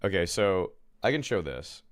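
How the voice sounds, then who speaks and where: A man streaming, talking casually and haltingly, often restarting his sentences. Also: sits low, sing-song, no echo.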